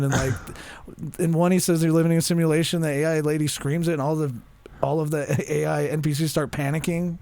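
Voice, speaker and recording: A young man co-hosting a podcast, chatting casually and acting out what people said in lively voices. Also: fairly high pitch, a little fast, vocal fry, no echo. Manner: animated storyteller, acts out quotes in voices. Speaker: podcast co-host.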